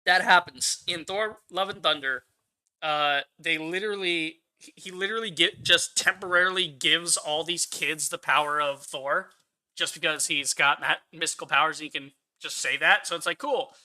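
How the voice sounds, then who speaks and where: A man's voice: on the high side, normal speed, bright, forceful tone. A man hosting his own channel, giving a profane, exasperated rant of movie commentary. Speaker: channel host.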